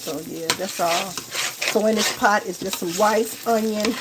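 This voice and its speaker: A woman's voice: mid-range voice, measured pace. Chatty woman cooking over sizzling pans. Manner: chatty, keeps calling viewers y'all and baby. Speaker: home cook and vlogger. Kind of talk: casual live cooking vlog. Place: home kitchen. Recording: kitchen recording with loud sizzling noise. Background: frying and sizzling in the pan.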